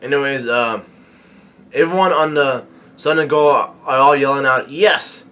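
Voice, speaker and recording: A man recapping a comic chapter in casual talk, halting with many fillers and restarts. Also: mid-range voice, bright, forceful tone, clear, resonant tone. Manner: reads quoted lines in a plain narrating voice. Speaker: manga reaction vlogger.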